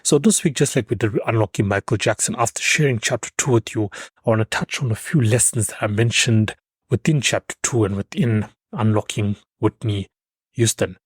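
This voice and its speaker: A man's voice: on the low side, a little fast, breathy edge, no echo. A man hosting his own podcast, talking loosely and emphatically with fillers and restarts. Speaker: podcast host. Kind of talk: solo podcast commentary.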